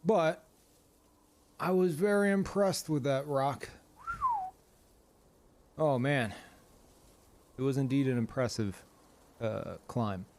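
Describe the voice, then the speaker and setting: A man's voice: mid-range voice, slow, pauses often, a little mellow, a little hiss or hum. A man live-streaming a game, chatting casually with his viewers and laughing often.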